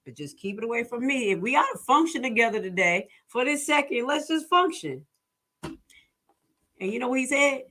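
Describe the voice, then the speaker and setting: A woman's voice: on the high side, lively intonation, normal speed, bright, forceful tone. A woman giving casual commentary, telling stories in a blunt, profane, preachy way. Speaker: commentary vlogger.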